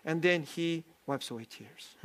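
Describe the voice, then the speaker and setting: A man preaching a sermon as pastor, lively and self-deprecating, often laughing as he talks. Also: a little high, measured pace. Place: church sanctuary.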